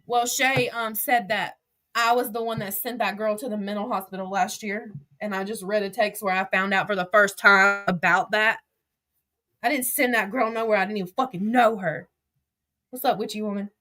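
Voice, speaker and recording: A woman's voice: mid-range voice, fairly even intonation, bright, forceful tone, no echo. A young woman, reading texts aloud on a livestream in a heated, profane rant. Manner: heated, profane, rapid rants.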